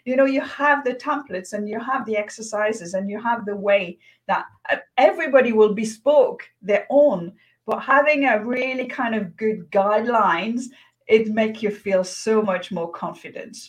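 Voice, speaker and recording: An enthusiastic woman who writes books and makes courses talks emphatically as a guest in an online interview. She sprinkles in "you know" as she goes, and her voice sits on the high side. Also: normal speed. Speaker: author and course creator guest.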